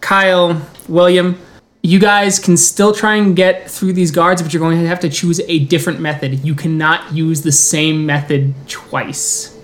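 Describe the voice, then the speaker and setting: Unhurried game master narrating a tabletop game. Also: male voice, fairly high pitch, little pitch movement. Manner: descriptive, unhurried narration with quick rules calls.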